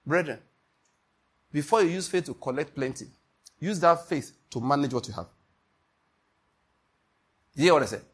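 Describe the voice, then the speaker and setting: A pastor preaching an emphatic sermon, often asking the congregation if they follow. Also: male voice, high voice, a bit bright, slightly rough.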